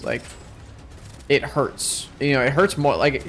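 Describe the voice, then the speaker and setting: A young man talks through his game run in a tired, rambling, self-deprecating way, joking about his own skill. His voice sits in an ordinary middle pitch. A faint hiss of noise runs under the recording. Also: very animated, moderate pace, a bit bright. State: exhausted. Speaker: streamer. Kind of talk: casual gameplay commentary.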